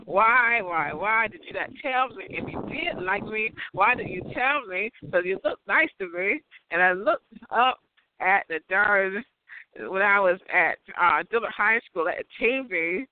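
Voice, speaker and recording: A man with a high voice talks in a loose, rambling monologue. He giggles and breaks into high laughs as he goes. The recording sounds narrow and tinny, like a phone call. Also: expressive, unhurried.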